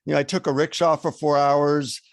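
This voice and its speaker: A man telling an animated anecdote as a guest on an interview show. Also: a little high, brisk, no echo. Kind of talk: storytelling in an interview. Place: radio show recording.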